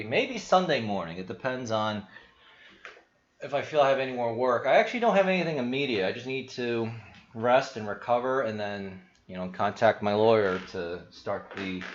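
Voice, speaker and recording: A man's voice: medium pitch, dull audio. Rambling man streaming from a roomy room. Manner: meandering, many restarts, thinks aloud. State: out of breath. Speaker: crypto and stock market streamer. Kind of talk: casual rambling livestream talk.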